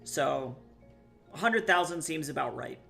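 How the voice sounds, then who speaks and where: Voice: mid-range voice, animated, unhurried, creaky, fairly bright tone, faint music behind. A young adult streamer in casual live-stream chat, rambling and swearing casually while talking to viewers.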